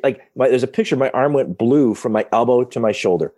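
A man in his fifties telling stories as a podcast guest, casual and animated, often restarting his sentences from his home office. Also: medium pitch, brisk. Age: 50s. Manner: excited, animated retelling with many restarts. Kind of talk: casual storytelling.

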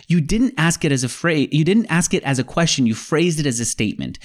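A man's voice: a little high, lively intonation, a little fast, few pauses. A man speaking as an interview guest, explaining his ideas in an emphatic, conversational way.

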